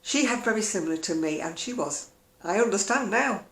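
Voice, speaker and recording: Chatty woman with a gravelly voice. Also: medium pitch, expressive, brisk, fairly bright tone, reverberant. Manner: chatty, wry, mimics other people's voices. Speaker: vlogger. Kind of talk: casual chatty catch-up vlog. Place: at home, indoors.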